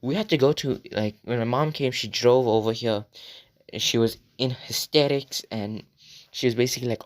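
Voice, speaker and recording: A man's voice: medium pitch, moderate pace. A young man telling a story from his childhood in a rambling, profane way, full of filler words and talking straight to his viewers. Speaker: vlogger. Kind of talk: casual storytime monologue.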